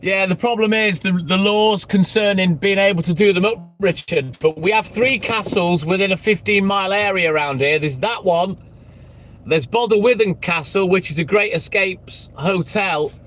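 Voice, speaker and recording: High-voiced jokey man streaming outdoors. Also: moderate pace, poor audio. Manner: jokey, greets viewers by name, tells corny jokes. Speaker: livestream host. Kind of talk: casual live-stream chat. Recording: loud outdoor traffic noise.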